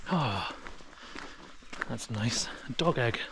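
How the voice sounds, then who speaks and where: A man's voice: medium pitch, lively intonation, slow, heavy background noise. An English man chatting casually to an action camera outdoors in a forest, sometimes talking to his dog. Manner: chatty, talks to his dog in a raised sing-song voice. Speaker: outdoor vlogger. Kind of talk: casual walking commentary.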